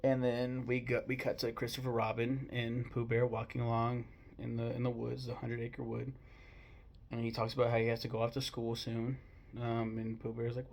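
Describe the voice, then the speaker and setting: Profane rambling young man with gravelly voice. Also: medium pitch, flat delivery, moderate pace, darkish tone. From United States. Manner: blunt, profane and rambling, with bursts of mock outrage. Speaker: host ranking films. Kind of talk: casual opinion talk.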